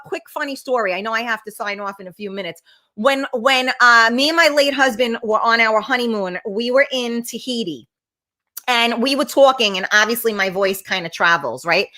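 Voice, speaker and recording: A woman's voice: on the high side, lively intonation, normal speed, sharp tone. A middle-aged woman hosting a casual live-stream chat, blunt and brash, swearing freely as she reads viewer comments. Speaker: talk show host.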